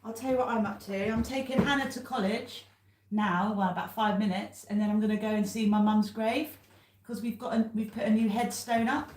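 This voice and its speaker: A woman's voice: mid-range voice, a little mellow. A cheerful woman chatting casually as co-host on a livestream, poking fun at herself. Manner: cheerful, self-mocking, laughs often. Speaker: co-host, host's wife. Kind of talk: casual live chat. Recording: echoey room, faint noise.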